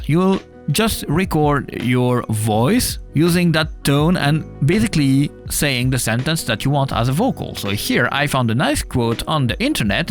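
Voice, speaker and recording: Casual tutorial guy with an accent. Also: a little high. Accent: non-native English accent. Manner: casual, explanatory, with filler uhs. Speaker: music production tutor. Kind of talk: screen-recorded software tutorial. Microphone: desktop USB mic.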